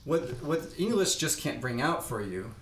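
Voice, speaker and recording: A man explains a point of Greek grammar in an unhurried podcast conversation. He hesitates and restarts often while working through the example. The room is echoey, with a faint hum of ambience behind him. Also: a little high, sing-song. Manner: thoughtful, hesitant, restarts mid-sentence. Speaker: Greek teacher.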